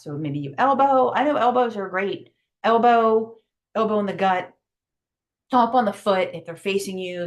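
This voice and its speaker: A middle-aged woman with a somewhat low voice leads a virtual safety training. She talks briskly and emphatically, filling pauses with "um", heard over a video call. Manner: brisk, emphatic, many fillers.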